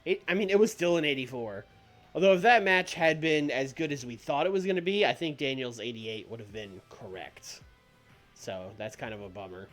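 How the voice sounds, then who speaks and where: A man's voice: medium pitch, normal speed, fairly bright tone, faint music behind. A man streaming a game with casual commentary, making wry, muttered asides and laughing often. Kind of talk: casual let's-play commentary.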